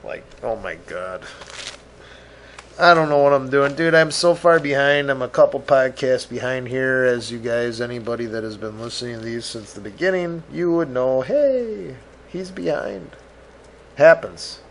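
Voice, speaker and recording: A man with a mid-range, fairly bright voice hosts a solo podcast at normal speed, with slight background noise. He rambles loosely between topics, swears a lot, mocks himself, and admits he's in a grumpy mood.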